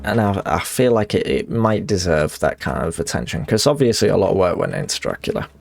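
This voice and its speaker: A man's voice: low-pitched, sing-song, a little fast, gravelly, faint music behind. A man streaming a video game, chatting casually and reading in-game letters aloud, rambling and self-deprecating with frequent restarts.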